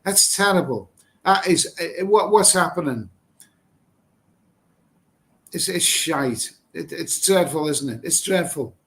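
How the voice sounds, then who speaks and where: A man's voice: fairly high pitch, lively intonation, takes it slowly, pauses often, a bit bright. Blunt, rambling Englishman hosting a livestream. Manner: blunt, rambling, swears casually, repeats himself. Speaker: livestream host reading viewer comments. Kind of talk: casual live chat, reacting to comments. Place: Thailand.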